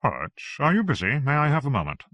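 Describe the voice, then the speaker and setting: A man's voice: medium pitch, wildly swooping pitch, brisk, fairly bright tone, dry recording, highs cut off, pitched above the performer's own voice. A man narrating an audiobook, voicing an eager, insistent male passenger.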